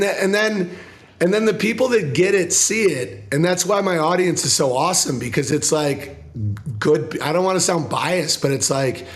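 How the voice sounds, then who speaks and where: A comedian talking casually in an interview, rambling, swearing, and acting out other people's voices. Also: male voice. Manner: profane, rambling, acts out quoted people in lower voices. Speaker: comedian guest.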